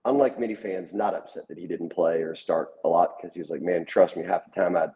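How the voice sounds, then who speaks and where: Male podcast co-host, very deep mellow voice, relaxed storyteller. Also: fairly quick, low-quality recording. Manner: conversational storyteller, retelling player quotes. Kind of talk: casual sports chat.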